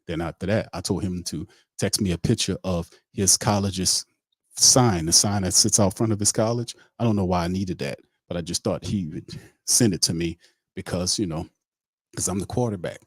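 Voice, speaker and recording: A man's voice: low voice, normal speed, husky, no room sound, clean studio sound. A man doing a comic impression of a rambling, boastful male pro quarterback. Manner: rambling comic storytelling with mock dialogue.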